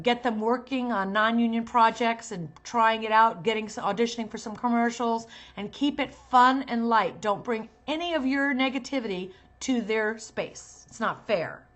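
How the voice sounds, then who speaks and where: A woman's voice: a little high, fairly bright tone. Earnest, emphatic woman giving advice. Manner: earnest, emphatic, scolding at times. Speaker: talent manager. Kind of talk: advice monologue to parents.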